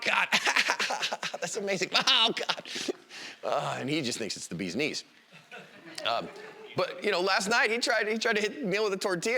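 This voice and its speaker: A middle-aged man teaching a self-defense class in a joking, animated way, often acting out voices. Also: mid-range voice. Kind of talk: live classroom lecture.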